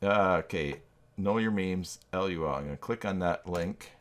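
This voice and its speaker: This live-stream host has a notably low, deep voice with a fairly bright tone and a moderate pace. Chatting casually as he works, he thinks aloud, reacts to his chat, and makes fun of himself along the way.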